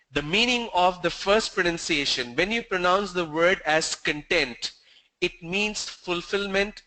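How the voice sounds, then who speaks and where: A man, teaching pronunciation in an online training session and explaining with slow, stressed examples. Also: sits high, sharp tone, low-quality recording.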